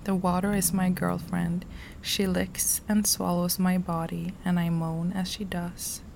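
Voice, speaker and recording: A woman reading aloud from her personal journal, soft and slow, sometimes dropping to a whisper. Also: lowish voice, level tone, gravelly, noisy background. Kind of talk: intimate journal reading, poetry-like.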